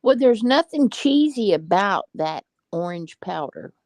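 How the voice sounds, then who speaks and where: A woman telling a story in a relaxed, drawling way during a casual chat. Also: mid-range voice, unhurried, no echo.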